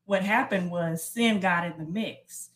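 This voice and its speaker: A woman in a casual faith podcast chat, affirming and animated as she shares a reflection. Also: fairly low pitch, poor audio. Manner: affirming, animated, unhurried storytelling.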